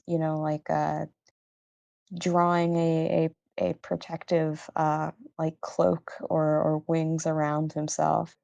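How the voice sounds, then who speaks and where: Gravelly-voiced woman player, slow. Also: low-pitched, mellow, no echo. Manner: halting, with many fillers.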